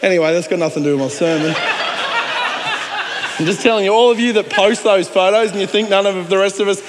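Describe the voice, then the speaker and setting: A man's voice: high voice, quick pace, long reverb tail, background noise. A man with an Australian accent preaching a sermon, earnest and conversational with joking asides. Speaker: pastor.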